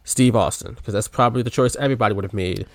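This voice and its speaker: A man co-hosting a podcast in relaxed, offhand casual chat, full of little fillers. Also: fairly low pitch, rapid-fire. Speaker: podcast co-host.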